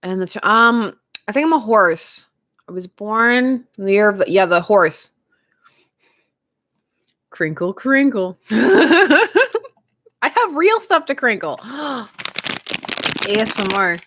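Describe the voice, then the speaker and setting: A young woman chatting casually with her stream viewers, giggling often and talking in an animated way. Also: fairly high pitch, takes it slowly, no room sound, clean studio sound. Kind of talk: casual live-stream chat.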